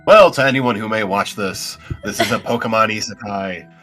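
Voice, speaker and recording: Man game master, low bright voice, casual joking stream talk, faint music underneath. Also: normal speed.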